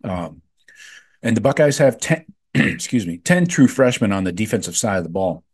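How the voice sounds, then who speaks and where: A man's voice: on the low side, sing-song, moderate pace, slightly rough. A man hosting a sports podcast, chatting casually with lots of fillers and frank opinions. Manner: offhand, filler-heavy, gives frank opinions.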